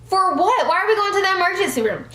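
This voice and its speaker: Animated young woman telling a storytime. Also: very high voice, racing. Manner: animated, addresses viewers as y'all. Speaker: vlogger. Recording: echoey room.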